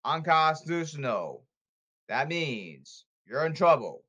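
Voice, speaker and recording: Man, angry repetitive rant, slightly high pitch, bright tense tone. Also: very animated, takes it slowly. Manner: repetitive, emphatic, angry outbursts. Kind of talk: ranting monologue.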